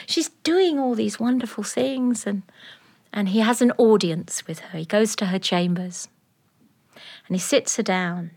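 A woman telling a folk tale live in a studio, animated and playful, with laughing asides. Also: medium pitch, a little slow, vocal fry. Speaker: storyteller. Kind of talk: live oral storytelling. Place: recording studio.

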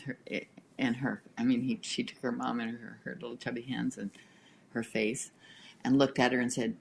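Brief: middle-aged woman, guest author, lively chatty storyteller. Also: rumbling low, moderate pace, gravelly, a little hiss or hum. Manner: animated storyteller, reads aloud from her book. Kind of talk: casual chat.

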